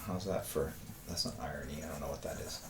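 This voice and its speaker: A man's voice: extremely low pitch, fast, background noise. A man chatting casually on a live art stream, musing aloud in short asides and answering chat as he draws. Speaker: artist streaming while drawing.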